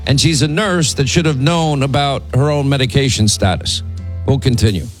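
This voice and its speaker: A man's voice: medium pitch, normal speed, faint music behind, poor audio. Rambling man commenting on trials. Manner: rambling, frequent restarts and "you know". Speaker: true-crime commentator. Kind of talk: opinionated talk-show commentary.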